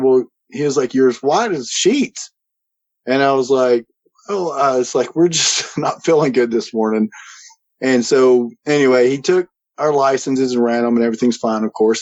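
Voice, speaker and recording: A man telling a story in a casual, animated way as a guest, acting out the quoted voices and chuckling now and then. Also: medium pitch. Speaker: guest recounting a paranormal experience. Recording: slightly dull lo-fi audio.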